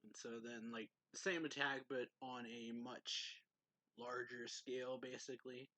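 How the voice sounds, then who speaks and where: A man's voice: mid-range voice, little pitch movement, measured pace, sharp tone, low-quality recording. Man casually recapping a manga chapter. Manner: rambling, filler-heavy, reads quoted lines aloud. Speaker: manga reviewer.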